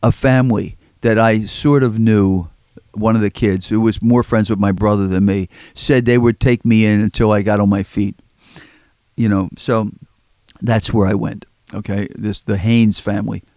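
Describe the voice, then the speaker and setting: An older Philadelphia man, a record collector appearing as an interview guest, tells rambling stories, repeating words and acting out quotes. His voice is lowish and a little mellow, with a steady tone at normal speed. The studio microphone gives a dry recording.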